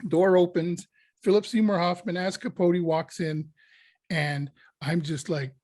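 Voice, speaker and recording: A male actor in an interview, telling a lively anecdote and acting out his own panic. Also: high voice, moderate pace, no echo. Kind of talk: casual storytelling interview.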